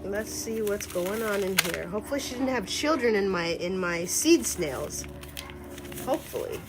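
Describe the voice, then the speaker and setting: A woman streamer chatting casually to her viewers while gardening outdoors, excitable and quick to swear. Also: mid-range voice, very noisy. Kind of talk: casual gardening vlog chat. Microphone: camera on a tripod.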